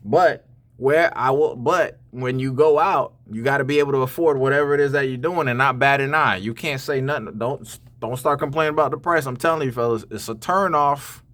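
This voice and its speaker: A man's voice: mid-range voice, a little fast, a bit bright. A man hosting a reaction channel, talking straight to other men about dating and money in a casual, preachy way, often repeating words. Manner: preachy, addresses "fellas" directly, repeats words. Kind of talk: casual commentary on clips.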